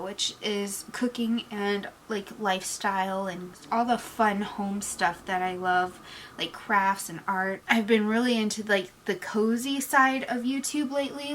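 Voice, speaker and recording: A woman's voice: mid-range voice, fairly bright tone, poor audio. Woman, beauty vlogger, candid and reflective, teary-eyed; faint room noise. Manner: candid, reflective, trailing off into pauses. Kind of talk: casual get-ready-with-me chat.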